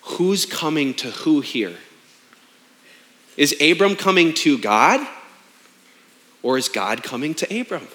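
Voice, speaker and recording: A man's voice: on the high side, big pitch swings, slow pace, long pauses, sharp tone. A man in his thirties, a pastor preaching a sermon in an emphatic, conversational way with rhetorical questions.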